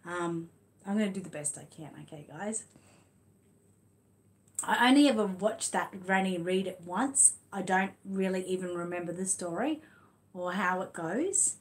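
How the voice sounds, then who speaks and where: An Australian woman talks casually to her audience and a child in a dim room at home. She reads a funny storybook with animated rhythm and hee-haw noises. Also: lowish voice, moderate pace. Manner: chatty, talks to viewers and child; animated storytelling, braying sound effects. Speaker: channel host reading a story aloud. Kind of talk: casual chat and storybook read-aloud. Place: home room with lights dimmed.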